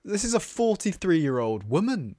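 A man's voice: high voice, big pitch swings, normal speed, mellow, no room sound, clean studio sound. A man giving reaction commentary, exasperated and incredulous, often repeating himself.

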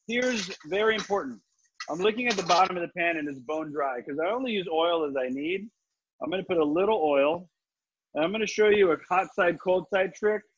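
A man runs a live online cooking class with chatty confidence, explaining each step as he works and fielding questions as they come in. His voice sits a little high for a man. The sound is a slightly dull video call with a faint hiss behind it. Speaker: chef teaching a cooking class.

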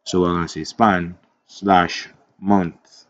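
Lower-voiced man talking through code. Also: flat delivery, slow, no echo, dull audio. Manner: thinks aloud while typing, with chatty asides and self-corrections. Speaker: web development tutor. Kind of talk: screen-recorded coding tutorial.

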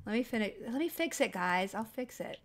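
Excitable high-voiced woman streaming a game. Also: fairly quick, creaky, slight background noise. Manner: excitable, yelps and swears at the game. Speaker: streamer playing a video game. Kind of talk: casual live-stream chat.

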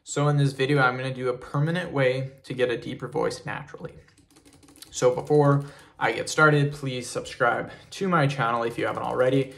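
A man hosting his own vlog, giving casual tips in a relaxed, rambling way and often calling viewers "you guys". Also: medium pitch, normal speed, gravelly. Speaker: fitness YouTuber. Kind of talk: casual talking-head tips video.

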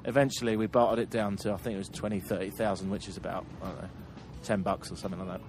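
A man's voice: low voice, steady tone, very fast, background noise. A man hosting a travel podcast, telling road-trip anecdotes in casual chat and laughing through them.

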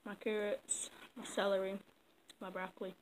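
A woman's voice: medium pitch, flat delivery, normal speed. A woman chatting casually to her viewers while eating. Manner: chatty, loose, talks with her mouth full. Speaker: vlogger. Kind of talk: casual eating vlog chat. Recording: noisy background.

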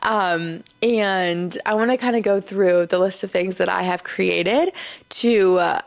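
A young woman chats through her solo podcast, sounding a little tired. Her voice settles into a gravelly fry, and she talks loosely, full of likes, ums and quick laughs. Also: mid-range voice. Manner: chatty, filler-heavy, laughs often. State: tired, yawning. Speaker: podcast host. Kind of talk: casual solo podcast chat. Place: seated indoors.

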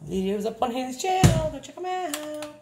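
A woman's voice: high voice, very animated, moderate pace, heavy background noise. A woman with a Midwestern American accent chatting casually in a home vlog, a bit out of breath, talking to her pets and viewers. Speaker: vlogger. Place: home kitchen and yard.

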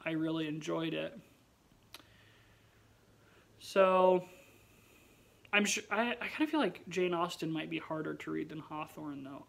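A man's voice: fairly high pitch, gravelly, a bit bright, poor audio. A man vlogging in a casual chat to the camera, rambling and musing aloud with wry, self-mocking humor.

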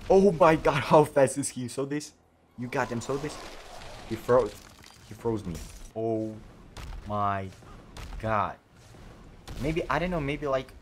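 Excitable man narrating his gameplay. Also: mid-range voice, slight background noise. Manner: excitable, frequent exclamations and slang. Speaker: gaming YouTuber. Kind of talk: let's play commentary.

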